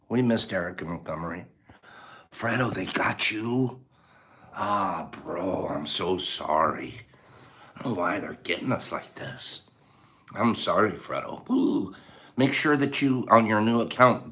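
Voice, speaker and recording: A man hosting a casual live stream with a scratchy voice, greeting viewers, joking and breaking into laughter. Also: sits low. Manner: animated, bursts of laughter and loud exclamations.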